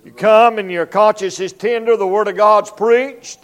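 A man preaching a revival sermon as an evangelist in a church, emphatic and animated, acting out voices as he goes. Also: high voice, moderate pace. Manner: emphatic preaching, acts out voices and barking dog.

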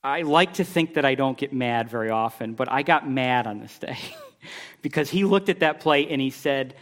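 A middle-aged man preaching a sermon, telling a story with animated, exasperated bursts. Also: moderate pace. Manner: animated storytelling, rising pitch when exasperated. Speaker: pastor.

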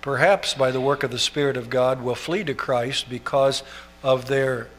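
A pastor preaching a sermon in an earnest way, building up to emphatic, almost shouted passages. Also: male voice, medium pitch, steady tone, normal speed, slight background noise.

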